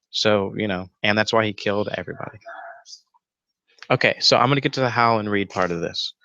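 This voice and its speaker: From a room at home with a roommate nearby, a man hosts a casual YouTube fan theory show in a fairly low but pushed, bright voice. He rambles with lots of fillers and the odd swear, and the sound is lo-fi with no room echo.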